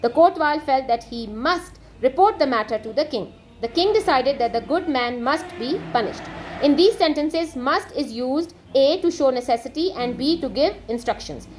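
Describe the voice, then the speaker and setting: A woman teaching an English textbook lesson, reading items aloud and explaining them in a steady, methodical way. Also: sits high, normal speed, faint music behind.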